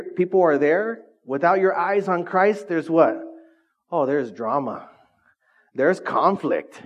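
A male pastor with a somewhat high, slightly mellow voice preaches to his congregation in church. He's conversational and joking, constantly quizzing the people in front of him. The recording is dull and lo-fi.

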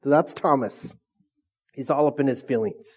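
A man preaching a sermon as pastor, casual and energetic, full of questions to the congregation. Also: medium pitch, normal speed, slightly rough.

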